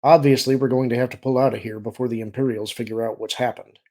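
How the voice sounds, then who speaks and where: A man reading as a shrewd, gravelly smuggler chief. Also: mid-range voice, steady tone, fast talker, dark tone, close to an everyday voice. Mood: calculating. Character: shrewd middle-aged male smuggler chief, calculating.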